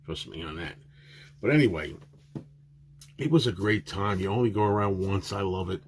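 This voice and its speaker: Low-voiced rambling man, chatty collector. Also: a little hiss or hum. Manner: rambling, many filler pauses and restarts; chatty and enthusiastic. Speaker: autograph collector vlogger. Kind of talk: casual show-and-tell narration.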